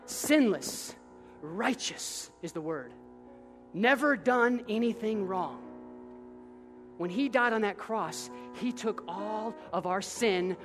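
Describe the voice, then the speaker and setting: A man preaching a sermon as pastor, swinging from quiet, intimate passages to near-shouted, impassioned climaxes. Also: high-pitched, long reverb tail.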